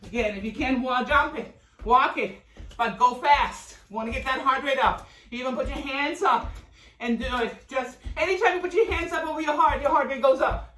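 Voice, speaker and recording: A woman's voice: high voice, normal speed, fairly bright tone, a little hiss or hum. A woman fitness instructor coaching a workout class, upbeat and a little out of breath as she cues moves and counts down reps. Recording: echoey room, voice from far off.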